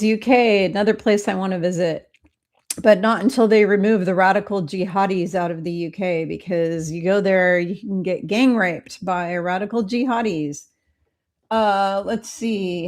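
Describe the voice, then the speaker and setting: Casting: woman, live-stream host, chatty, unhurried delivery, stretches out greetings. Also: medium pitch. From Minnesota. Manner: chatty, drawn-out greetings, frequent ums. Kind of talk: casual live Q&A, reading out viewer greetings.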